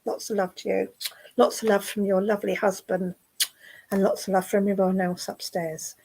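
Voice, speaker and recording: A woman working as a spiritualist medium in an online service, speaking gently and affectionately, with many fillers and restarts. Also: medium pitch, level tone, moderate pace, vocal fry, rough recording. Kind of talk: clairvoyant readings in an online service. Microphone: video call.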